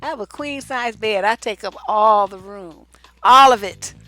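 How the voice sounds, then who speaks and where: A middle-aged woman from Oakland, a relationship coach and host, giving blunt, animated advice to her viewers and laughing often. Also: medium pitch, moderate pace, no echo, soft background music. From Oakland, California. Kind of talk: casual advice talk to viewers.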